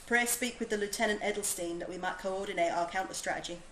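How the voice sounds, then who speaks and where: A woman voicing a stern military officer in a game, putting on a Yorkshire accent, reading in a formal, measured way. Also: medium pitch, a bit bright, reverberant, a little hiss or hum, natural voice, low-quality recording. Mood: earnest. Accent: put-on Yorkshire.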